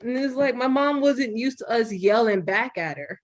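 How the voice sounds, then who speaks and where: A young adult woman hosting a podcast, talking frankly and with some profanity in an animated, storytelling way. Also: fairly high pitch, moderate pace. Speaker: podcast host. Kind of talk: candid podcast conversation.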